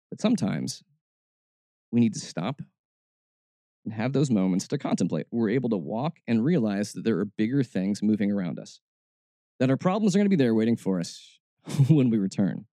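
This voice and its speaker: A man's voice: on the low side, sing-song, moderate pace, dark tone, no echo. A man hosting a faith podcast, talking in a casual, reflective way and often restarting his words. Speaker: podcast host.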